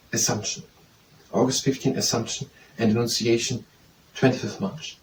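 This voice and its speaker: Guy studying out loud, keeps repeating stuff and restarting, sounds far from the mic. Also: medium pitch. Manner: repetitive self-quizzing, hesitant restarts. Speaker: student memorizing aloud. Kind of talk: thinking aloud while studying. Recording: distant mic with faint background noise.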